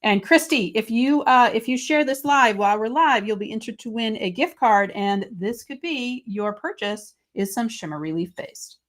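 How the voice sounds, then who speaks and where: Speaking at a moderate pace with hardly any pauses, this crafting stream host has a slightly high voice. She chats excitedly with her audience as she makes paper crafts, reading out their comments.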